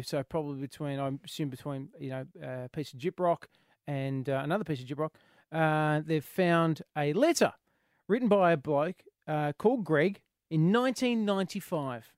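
A man's voice: a little high, smooth, dry recording, clean studio sound. A man hosting a radio show, reading out a news story in a chatty, playful way. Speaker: radio host. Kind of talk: casual radio chat.

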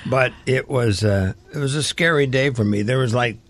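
A man's voice: medium pitch, moderate pace. A middle-aged man, a radio host, chatting casually and reminiscing with his co-host. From United States. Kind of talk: casual chat.

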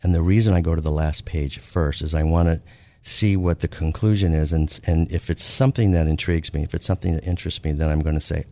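A man hosting a show, explaining ideas point by point in a measured way, stressing key words, with frequent ums and uhs. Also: very deep voice, steady tone, mellow. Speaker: radio show host and author. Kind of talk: teaching talk comparing ideas point by point.

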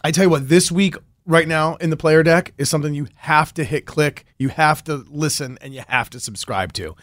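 A man's voice: on the high side, moderate pace, fairly bright tone, no room sound. Enthusiastic man telling a story on radio. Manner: enthusiastic storyteller, laughs often. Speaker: podcast host and reporter. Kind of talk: casual radio interview chat.

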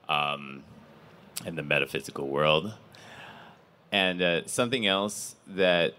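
A man moderating a casual panel discussion, rambling with frequent restarts and growing animated as he tells stories. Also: sits low, a little hiss or hum. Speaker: panel moderator, company CEO.

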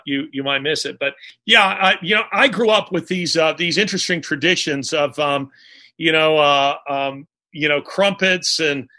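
A man, an author being interviewed, talking in a halting way with many pauses and restarts. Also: on the high side, bright, forceful tone. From Alabama, US. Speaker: author guest. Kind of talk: casual interview conversation.

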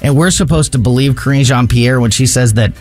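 A man's voice: mid-range voice, fairly quick, faint music behind. A man co-hosting a talk radio show, giving opinionated commentary in an indignant, mocking way.

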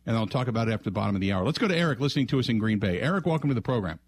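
A man hosts a sports call-in radio show from the studio. He thinks out loud, stopping and restarting his phrases and trailing off as he searches for words. His voice sits at an ordinary mid pitch. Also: expressive. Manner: musing, halting, many restarts.

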